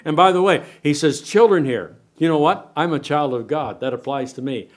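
Older man, sermon preacher, slightly higher voice, animated and questioning the congregation. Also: normal speed. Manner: animated preaching, asks the room questions, varies loudness a lot. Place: church sanctuary.

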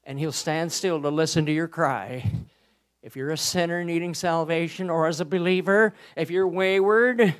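A male Baptist pastor preaching a sermon, impassioned, swinging between quiet, drawn-out words and loud, rising emphasis. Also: fairly high pitch.

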